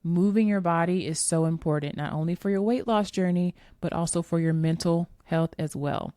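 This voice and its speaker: A fitness coach in her forties hosts her own solo podcast, chatting casually and candidly to listeners as she tells a personal story. Her voice is on the low side, dark and smooth, at normal speed, with clean studio sound and no room noise.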